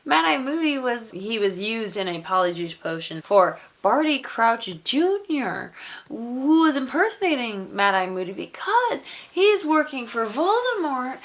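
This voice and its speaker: A woman reviewing a book in a casual, animated way, peppered with "like" and mild swearing. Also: fairly high pitch, gravelly.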